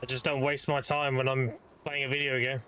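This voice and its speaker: A man's voice: medium pitch, flat delivery, a little fast, bright, forceful tone, a little hiss or hum. A British man with a British accent, streaming a video game and chatting casually, joking and swearing as he banters with viewers. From Britain. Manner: joking, profane, banters with chat. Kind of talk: casual chat while gaming.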